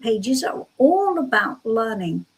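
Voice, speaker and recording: Woman, tarot reader, husky voice, reassuring, unhurried. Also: a little high, big pitch swings, low-quality recording. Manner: soothing, reassuring guidance. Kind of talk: live-stream tarot reading. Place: home.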